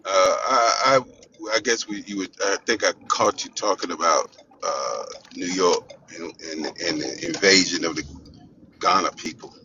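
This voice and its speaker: Hesitant guy calling into a stream, kinda low voice, muffled and far off the mic. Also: unhurried. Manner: hesitant, stammering starts. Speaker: guest joining a live stream. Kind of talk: casual conversation. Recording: muffled, distant, faint background hum.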